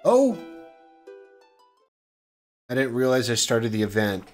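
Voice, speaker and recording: Let's-play host, male, mid-pitched, easygoing and talkative, voice slightly worn, faint game music underneath. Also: lively intonation, measured pace. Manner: chatty, upbeat, self-deprecating. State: losing his voice. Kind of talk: casual gameplay commentary.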